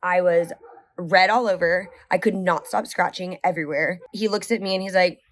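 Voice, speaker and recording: A woman vlogger telling a story to camera in a casual, rambling way, full of "like" fillers and swings in pace. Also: on the low side. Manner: animated, rambling, heavy use of "like"; speeds up and slows down often.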